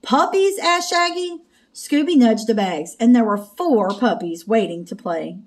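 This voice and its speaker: A woman reading a children's picture book aloud in slow, clear narration. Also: mid-range voice, lively intonation, mellow. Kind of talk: storybook read-aloud.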